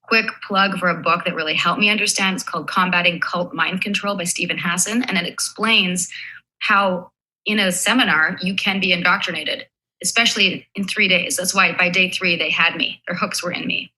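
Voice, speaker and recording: A woman's voice: fairly low pitch, steady tone, moderate pace, sharp tone, low-quality recording. A woman in casual conversation, explaining her views thoughtfully, with some restarts.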